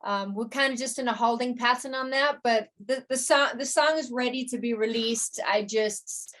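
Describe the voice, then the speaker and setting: Interview guest: woman, slightly high voice, casual and stop-start. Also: a bit bright. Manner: halting, many restarts and fillers. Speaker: musician and producer, interview guest.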